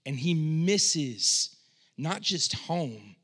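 A pastor preaches a sermon conversationally, often restarting and swinging from hushed, low passages to loud, impassioned cries. His voice is husky and very animated, with drawn-out words.

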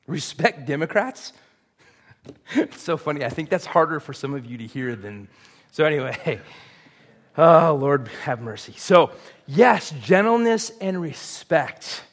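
A man's voice: on the high side, very animated, a little slow. A man preaching a sermon in a conversational, joking way, full of rhetorical questions. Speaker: pastor.

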